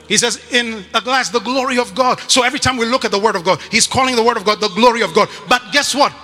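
A man preaching a sermon to a congregation, emphatic and often shouting, repeating his phrases for effect. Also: very high voice, fast, long reverb tail.

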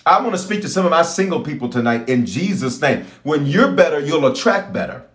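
A man's voice: fairly high pitch, animated, fairly quick, a bit bright, reverberant. A man who is a bishop, preaching and praying with fervent call-and-response and lots of repetition. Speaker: bishop and pastor.

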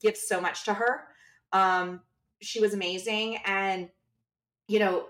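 A woman at a middle pitch talks through a story in an easy, chatty way, slipping into voices when she quotes people. She sits a little back from the microphone, so her voice has some distance. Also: slow. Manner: animated, acts out quoted dialogue. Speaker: podcast co-host and bridal shop owner. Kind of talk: casual storytelling chat.

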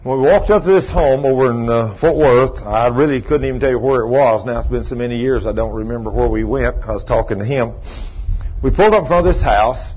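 A man's voice: medium pitch, fairly quick, breathy edge. A middle-aged man preaching a sermon as a story, folksy in tone and rising to emphatic outbursts. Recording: dull lo-fi recording.

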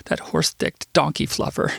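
A man's voice: normal speed, a bit bright, dry recording, close to an everyday voice. A man voicing a large, petulant, weepy man who speaks indignantly and slings crude insults. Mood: gushing.

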